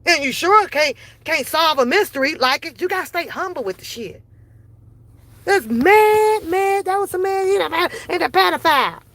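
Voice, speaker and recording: A woman's voice: extremely high pitch, animated, moderate pace, a bit bright. A middle-aged woman giving a heated, sarcastic opinion rant, full of profanity and repeated rhetorical questions. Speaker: commentary vlogger.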